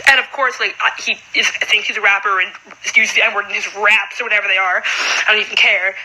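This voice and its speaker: A young woman in her late teens, a high school student, venting in a casual vlog with frustrated talk full of "like.". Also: steady tone, a little fast, sharp tone, low-quality recording.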